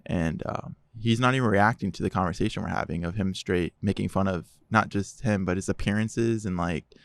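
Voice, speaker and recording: Low gravelly man telling a story. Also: a little fast, no echo. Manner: animated storyteller, quotes others in dialogue. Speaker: podcast guest. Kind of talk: casual testimony storytelling.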